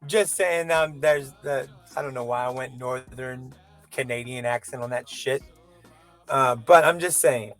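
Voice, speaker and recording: A man's voice: mid-range voice, unhurried, fairly bright tone, soft background music. A man vlogging a casual opinion rant, rambling and profane, with frequent self-doubting asides.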